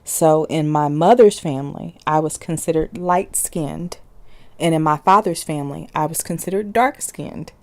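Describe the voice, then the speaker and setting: A woman telling about her own family in a measured, reflective way. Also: deep voice. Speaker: interviewee. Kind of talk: personal storytelling.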